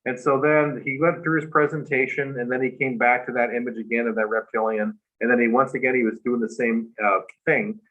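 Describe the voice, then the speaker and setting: A man with a mid-range voice, neither high nor low, earnestly recounting a personal story as a show guest. He rambles and leans on little fillers as he goes. The sound is a bit dull and lo-fi, like livestream audio. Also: level tone, fairly quick, hardly any pauses, fairly bright tone. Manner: earnest, rambling, heavy with "like" and "you know".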